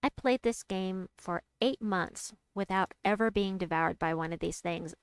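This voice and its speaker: A young adult woman gives casual commentary over her gameplay. Her voice is smooth and clear at a middle pitch, recorded close and dry. She chats with her viewers and breaks into excited squeals at big moves. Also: unhurried, no echo. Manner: chatty, reads out and answers chat, squeals with excitement. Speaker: game streamer.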